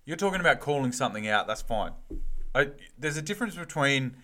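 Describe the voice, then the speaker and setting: An Australian man co-hosting a casual podcast chat, firm and measured as he pushes back. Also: mid-range voice, lively intonation, pushed and bright. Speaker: podcast co-host.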